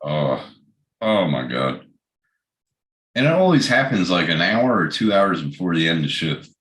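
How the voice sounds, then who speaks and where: A man's voice: deep voice, big pitch swings, measured pace, fairly bright tone. A man hosting a livestream, chatting casually, swearing a lot and telling work stories loosely. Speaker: livestream host. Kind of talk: casual chat. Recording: roomy echoey sound.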